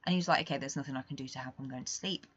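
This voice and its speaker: A woman's voice: very deep voice, rapid-fire. Candid young woman, muffled recording. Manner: candid, rambling, swings between quiet and emphatic. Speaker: podcast host. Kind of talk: casual confessional monologue.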